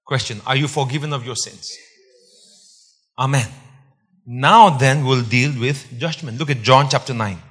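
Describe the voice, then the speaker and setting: A man's voice: mid-range voice, measured pace, pauses often, a bit bright, breathy edge. A man preaching a sermon to a congregation, emphatic, repeating key points and quizzing his listeners. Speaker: pastor. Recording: long hall reverb.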